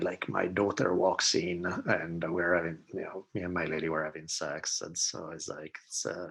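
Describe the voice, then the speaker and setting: A low, gravelly man in his forties speaks with a heavy Italian accent. His voice is husky and rough around the edges. He chats casually as a podcast guest, swearing freely and acting out what people said. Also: a bit bright. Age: 40s. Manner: laid-back, profane storytelling with acted-out quotes. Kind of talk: casual chat.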